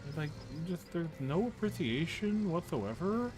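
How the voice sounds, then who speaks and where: A man's voice: very high-pitched, moderate pace, fairly bright tone, voice pushed up, rough recording. A man voicing a whiny, aggrieved young male truck worker who complains in a sulky, filler-heavy way.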